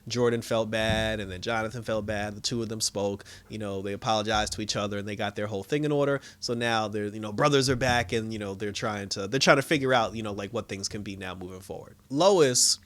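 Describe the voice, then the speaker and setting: A man casually recapping a TV episode, animated and swearing, acting out the characters' lines with laughs. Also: lowish voice, brisk, hardly any pauses. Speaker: show reviewer.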